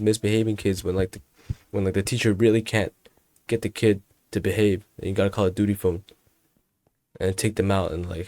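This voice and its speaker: A man's voice: fairly low pitch, a little mellow. A young man in his late teens, casually telling a story about his school day in a slangy, profane, rambling way. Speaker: student storyteller.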